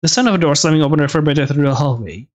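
A man reading a visual novel aloud with casual asides, halting and restarting words. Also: a little high. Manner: halting, restarts words, reads with some feeling.

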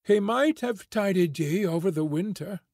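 A man voicing a saucy, caustic young farm girl with a sharp, teasing way of talking. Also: high voice, expressive, unhurried, dry recording, studio quality, pitched above the performer's own voice, full character voice.

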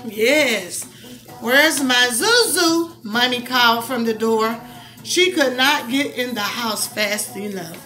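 A woman, reading a picture book aloud to her young child in a soft, coaxing way, with asides. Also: a little high, takes it slowly, soft background music.

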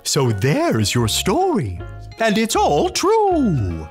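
A woman voicing a friendly owl storyteller who speaks in slow, sing-song rhymes for a children's church puppet show. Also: medium pitch, wildly swooping pitch, a little mellow, soft background music, exaggerated voice. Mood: gentle.

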